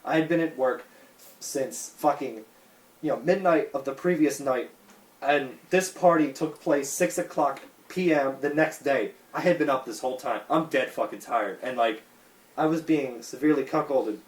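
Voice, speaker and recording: A man's voice: mid-range voice, moderate pace, far from the mic. A young man co-hosting a podcast, crude and sarcastic in casual chat. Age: young adult. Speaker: podcast co-host. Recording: echoey room, off-mic.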